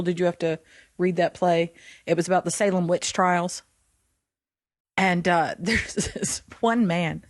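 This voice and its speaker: A woman co-hosting a Christian podcast, talking in an animated way and laughing often. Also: fairly low pitch, dry recording, studio quality. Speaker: podcast co-host.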